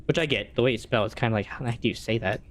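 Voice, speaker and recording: A man's voice: medium pitch, racing, a little hiss or hum. A young man streaming a game, chatting casually with his viewers and thinking aloud in a rambling way. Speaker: gaming streamer. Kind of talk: casual live-stream chat while playing.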